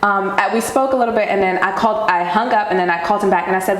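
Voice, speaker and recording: A woman's voice: medium pitch, quick pace, few pauses. A young woman from Queens telling her story as a podcast guest, chatty, with many fillers. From Queens, New York. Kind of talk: casual podcast conversation. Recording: roomy sound with faint noise.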